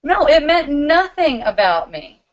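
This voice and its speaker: A middle-aged woman hosting a live spiritual question-and-answer stream, talking in a warm, giggly, loving way. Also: sits high, sing-song, measured pace, dull audio.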